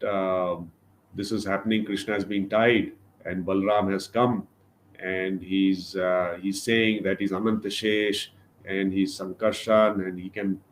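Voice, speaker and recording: A man giving a livestreamed religious class, retelling a scripture story in a thoughtful, halting way with many fillers. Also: on the low side, a little hiss or hum. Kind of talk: sermon storytelling. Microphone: livestream microphone.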